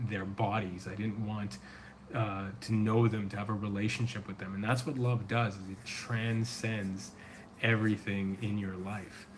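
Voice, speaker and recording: A man's voice: fairly low pitch, a little hiss or hum. A middle-aged man hosting a casual livestream, answering viewer questions in an earnest, rambling way with a sore throat. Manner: earnest, loose and rambling with many fillers. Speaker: men's coach and livestream host.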